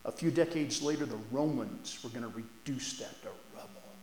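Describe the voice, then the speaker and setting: A man's voice: medium pitch, moderate pace, a little mellow, slight background noise. A man who serves as a church elder, reading scripture and then preaching a sermon in a conversational, folksy and earnest way inside a church sanctuary. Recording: echoey church room.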